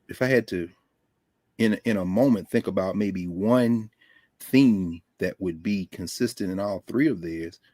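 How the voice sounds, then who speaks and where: A man being interviewed as a guest scholar over a remote call, telling stories in an animated way and acting out the voices of people he quotes. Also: deep voice, no echo. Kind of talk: storytelling interview talk. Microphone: remote call microphone.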